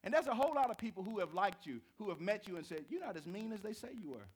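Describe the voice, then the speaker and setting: A man preaching a sermon to a live congregation, telling stories with big swings from quiet to shouting. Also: fast talker, slightly rough. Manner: animated storytelling, swinging from low to shouted. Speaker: pastor.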